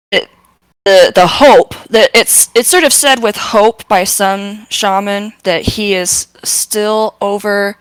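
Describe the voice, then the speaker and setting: A woman running a tabletop game as game master, narrating lore with many pauses and restarts. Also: medium pitch, smooth, no echo, rough recording. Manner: halting, lots of ums and restarts.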